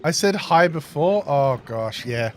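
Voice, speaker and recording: An Australian man with a fairly high, animated voice livestreams a game, rambling through casual stories at an unhurried pace and laughing at his own tales. A faint hiss or hum sits under the audio.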